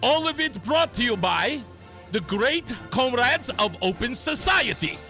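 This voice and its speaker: A man putting on a gloating Soviet-style announcer with a thick Russian accent, high and bright, swooping up and down. He drawls each phrase out slowly, mocking and theatrical, in a dry close radio sound. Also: big pitch swings, faint music behind, heavily acted. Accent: put-on Russian accent. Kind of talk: talk radio parody bit.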